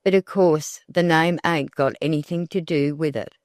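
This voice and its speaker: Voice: mid-range voice, steady tone, moderate pace, no room sound, clean studio sound, lightly acted. A narrator voicing a sly folksy old countrywoman. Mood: coaxing. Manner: folksy rural speech.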